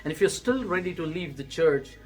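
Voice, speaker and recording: A man with an Indian English accent voicing a calm, patient pastor who gives gentle instructions. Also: a little high, brisk, faint music behind, close to an everyday voice.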